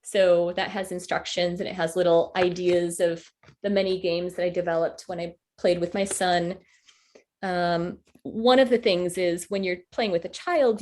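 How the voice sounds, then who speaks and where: A woman in her forties, telling a personal story with halting, heartfelt pauses and fillers as a workshop presenter on a video call. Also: lowish voice. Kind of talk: storytelling talk to an online group.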